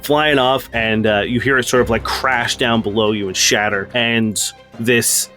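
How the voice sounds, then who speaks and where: A man's voice: mid-range voice, fairly even intonation, a little slow, pushed and bright, soft background music. Laid-back man narrating as game master. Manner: casual, loose narration with many fillers.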